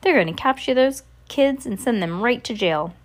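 A woman's voice: a little high, lively intonation, moderate pace, pitched above the performer's own voice, lightly acted. A woman voicing a blunt, sneering male delivery man.

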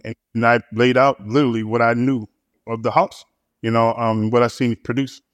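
A man talks through his story as a pastor, stumbling over repeated words and fillers between phrases. His voice sits at an ordinary middle pitch and sounds close and dry, with no room echo around it. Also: level tone, normal speed, muffled recording. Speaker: pastor and church planter. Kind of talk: casual conversational storytelling.

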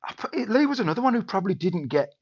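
A man's voice: high-pitched, very animated, fast, darkish tone. A man, a former footballer, reminiscing casually in a rambling way with many restarts. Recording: dull lo-fi sound.

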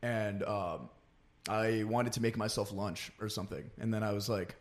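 A man who makes online videos, chatting casually as a podcast guest in a relaxed, rambling way, with frequent "like". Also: on the low side, normal speed. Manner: relaxed, rambling, heavy use of "like". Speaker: guest, content creator.

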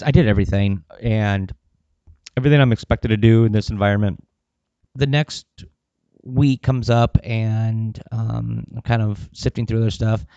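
A man's voice: lowish voice, mellow, smooth, no room sound, muffled recording. A man talking casually in a personal vlog, rambling with lots of fillers and swearing. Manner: rambling, profane, with many fillers. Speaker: vlogger.

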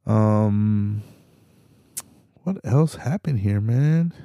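A man's voice: lowish voice, lively intonation, extremely slow, warm tone, dry recording, clean studio sound. A young adult man hosting a podcast, delivering a laid-back, slangy, profane monologue with laughs between points. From Hispanic community in the US. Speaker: podcast host.

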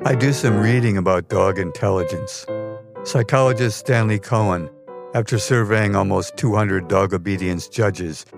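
Wry male memoir narrator with a lowish voice, steady scripted read over soft music. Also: vocal fry. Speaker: podcast narrator.

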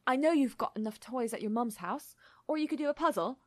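Girl doing a soft british dad voice, gentle and coaxing, kinda high, dry sound. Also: expressive, brisk, dry recording. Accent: put-on British. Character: fond British father, gentle and patient.

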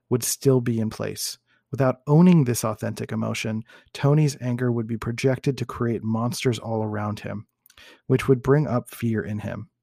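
A man reading a book passage aloud in a measured way, sometimes restarting words and adding comments of his own. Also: medium pitch, gravelly, mellow, no room sound, studio quality. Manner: measured, with occasional restarts and self-corrections.

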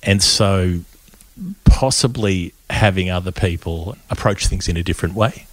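A man hosting a cricket podcast, talking in a reflective, measured way. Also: low-pitched, no room sound, rough recording. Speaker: podcast host. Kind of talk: conversational podcast chat.

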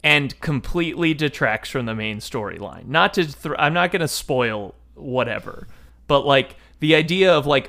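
A man's voice: medium pitch, lively intonation, normal speed, gravelly, pushed and bright. Wry, rambling male podcast co-host. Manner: wry, rambling, swears casually. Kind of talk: casual book discussion.

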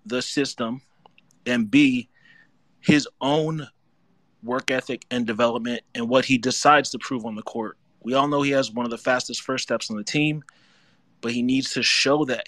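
A man's voice: mid-range voice, a bit bright, dry recording. A male caller on a fan call-in show who talks earnestly and a little nervously, rambling as he makes his case. His voice sits in a middle register, dry and close.

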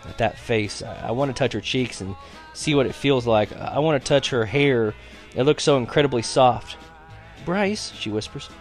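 Man narrating an expressive story. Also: medium pitch. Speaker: audiobook narrator. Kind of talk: first-person story narration.

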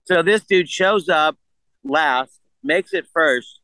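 A man in his sixties telling a story in casual chat, animated and profane, acting out what others said. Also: a little high, slow pace, no room sound, poor audio. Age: 60s. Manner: animated, profane, acts out quotes.

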